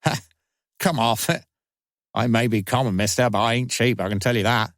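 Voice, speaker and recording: A man's voice: mid-range voice, steady tone, moderate pace, no room sound, studio quality, voice pushed up, natural voice. A man voicing a coarse, defensive working-class young woman who speaks in a common way. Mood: scornful. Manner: common-sounding, defensive, cheeky.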